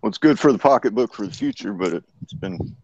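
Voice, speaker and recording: A man's voice: lowish voice, expressive, fast, a little mellow. A man co-hosting a casual podcast chat, chiming in with short remarks and questions. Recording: dull lo-fi with faint noise.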